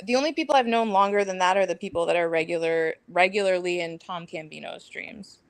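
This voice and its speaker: A woman's voice: fairly low pitch, brisk. A woman in casual group chat on a stream, brash and teasing, swearing freely.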